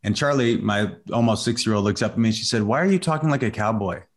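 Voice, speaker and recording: A man from Southern Illinois hosting a podcast, asking questions in a halting, word-searching way. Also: fairly low pitch. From Southern Illinois, USA. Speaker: podcast host. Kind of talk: casual interview chat.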